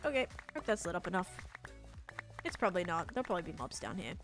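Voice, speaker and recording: A woman's voice: lowish voice, sing-song, fast talker, music in the background. An Australian woman chatting on a live game stream, thinking aloud as she builds and answers her chat.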